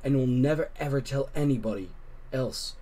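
A man voicing an earnest twelve-year-old boy in a storybook read-aloud, speaking low, quiet and fierce. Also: moderate pace, lightly acted.

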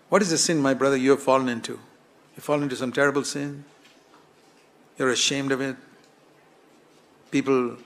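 A man preaching a sermon in an earnest, pleading way, putting direct questions to his listeners. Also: mid-range voice.

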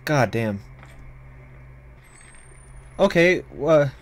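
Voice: medium pitch, lively intonation, extremely slow, poor audio. A streamer giving casual let's play commentary on a horror game, panicking and swearing and laughing between scares. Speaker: gameplay streamer.

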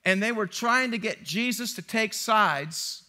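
Male pastor, high voice, bright tone, playful, chatty sermon. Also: lively intonation, unhurried. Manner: playful, chatty storytelling with the congregation. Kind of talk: sermon with a joke. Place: church sanctuary.

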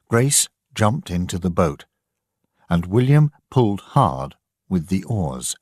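A man narrating a story slowly and deliberately for English learners. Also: low voice, sing-song, darkish tone, no echo, clean studio sound. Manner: slow, clear, deliberate reading.

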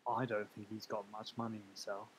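A man's voice: fairly low pitch, level tone, a little fast, pitched below the performer's own voice, lightly acted, poor audio. Guy doing a cheeky halfling, teasing, bit of hiss in the audio. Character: cheeky male halfling adventurer.

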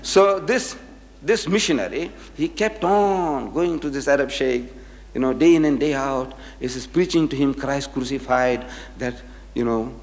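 Speaking at a measured pace, an older man with a darkish, mid-range voice addresses an audience in a big room. The religious lecture is full of stories, with him voicing each quoted person.

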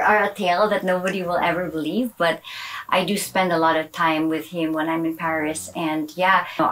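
A woman's voice: fairly low pitch, poor audio. A Filipina woman hosting her own vlog, talking casually and animatedly as she tells stories. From Philippines. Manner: animated, switching between English and Filipino, playful bursts. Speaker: vlog host. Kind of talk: casual chat and vlog narration.

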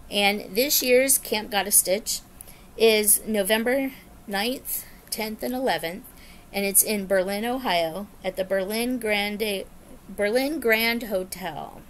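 A woman chatting casually to her viewers in a rambling, bubbly way, often getting excited. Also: medium pitch, takes it slowly, slight background noise. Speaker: cross-stitch vlogger. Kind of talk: casual chat to camera.

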